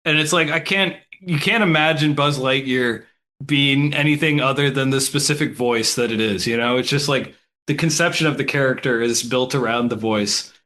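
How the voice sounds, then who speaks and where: Man, podcast co-host, bright tone, loose casual chat, lots of "like". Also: medium pitch, normal speed. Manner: loose and chatty, frequent "like".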